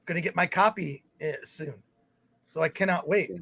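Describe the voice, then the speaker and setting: High-voiced rambling male co-host. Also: normal speed, gravelly, a bit bright, slightly rough. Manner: rambling, restarts often, reads chat comments aloud. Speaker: podcast co-host. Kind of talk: casual chat.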